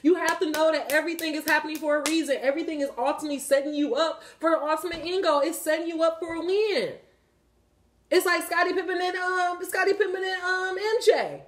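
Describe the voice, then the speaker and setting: A woman giving a casual spiritual tarot reading, animated and profane, often laughing as she talks. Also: extremely high pitch, brisk. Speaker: tarot reader.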